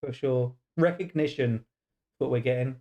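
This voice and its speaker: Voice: medium pitch, normal speed, dark tone, highs cut off. A game streamer giving casual let's-play commentary, chatty and breaking into laughter often.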